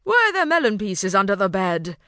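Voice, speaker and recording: A woman voicing a patient king father in a children's story, calm and measured. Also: medium pitch, no echo, clean studio sound.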